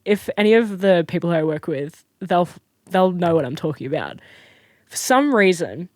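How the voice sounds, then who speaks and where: A young Australian woman in casual chat as a podcast guest, telling stories in an animated way with plenty of fillers and restarts. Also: on the low side, moderate pace, no echo, studio quality. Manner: chatty, animated storyteller with frequent fillers and restarts.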